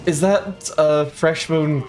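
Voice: mid-range voice, fairly even intonation, takes it slowly, a little mellow, faint music behind. A streamer chatting playfully and commenting on the game while speedrunning. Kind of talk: casual chat while playing a game.

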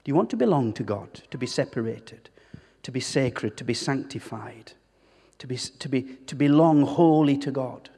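A man's voice: mid-range voice, lively intonation, moderate pace, warm tone, breathy edge. A man preaching a sermon as a pastor, emphatic, throwing rhetorical questions to the congregation and repeating words as he builds a point. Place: church hall. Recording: long church-hall reverb.

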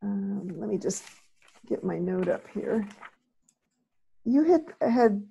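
A woman's voice: medium pitch, lively intonation, takes it slowly, gravelly, warm tone, slightly rough, lo-fi sound. A woman student hesitantly asking her teacher a question in an online class. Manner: hesitant, many fillers.

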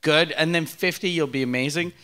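A man's voice: a little high, fairly quick, sharp tone, clear, resonant tone. A man co-hosting a casual podcast, teasing his co-host with crude jokes. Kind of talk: casual chat.

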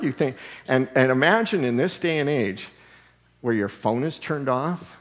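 Male pastor, lively conversational sermon, middle-pitched voice, long hall reverb. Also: a little slow. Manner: animated, conversational preaching with laughs and quoted voices. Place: church sanctuary.

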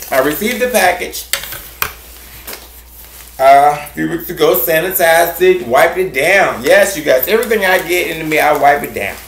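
Effusive, gravelly man with a swooping voice. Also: reverberant, slight background noise. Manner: effusive and affectionate, repeats himself, big swings in pitch. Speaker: gardening channel host. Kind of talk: casual vlog chat to viewers.

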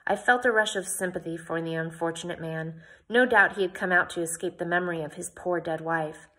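A woman's voice: fairly low pitch, a little fast, fairly bright tone. A woman reading a novel aloud, with plain narration and chatty comments between passages.

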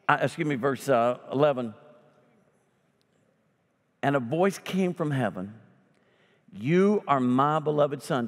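A male pastor delivering a sermon, swinging between loud emphatic lines and slow hushed ones, with folksy humorous asides. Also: mid-range voice. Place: church sanctuary. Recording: long hall reverb.

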